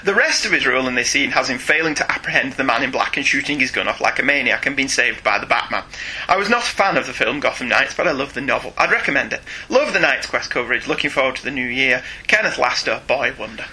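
A man's voice: medium pitch, animated, quick pace, sharp tone, husky. A middle-aged British man co-hosting a podcast, reading listener emails aloud, teasing and laughing often. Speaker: podcast co-host, father.

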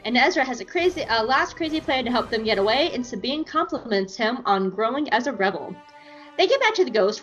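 A woman's voice: a little high, fairly bright tone, highs cut off. A woman podcast co-host chatting casually through an episode recap, giggly and swearing freely.

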